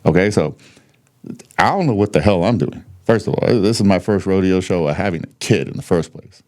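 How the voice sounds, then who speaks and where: A man's voice: sits low, animated, fairly quick, a little mellow. A man in his thirties from the United States, a podcast guest telling his story candidly, blunt and swearing freely, with laughs between points.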